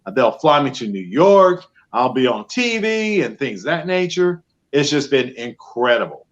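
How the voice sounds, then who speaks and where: A man's voice: medium pitch, normal speed, lo-fi sound. A man, a professional Santa Claus as guest, chatting casually and acting out the voices in his own stories. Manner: animated storyteller, acts out both sides of phone calls. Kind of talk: casual interview chat.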